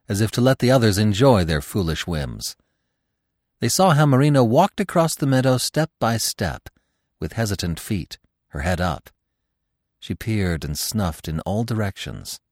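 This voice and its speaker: A man narrating a classic story in an expressive, dramatic reading. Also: deep voice, no room sound, studio quality. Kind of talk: scripted audiobook narration.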